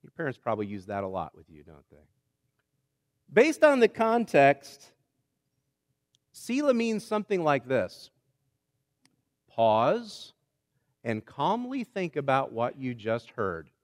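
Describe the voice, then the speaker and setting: A man's voice: mid-range voice, very animated, slow, pauses often, big-room sound. A man preaching a sermon in a conversational way, often restarting his phrases. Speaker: pastor.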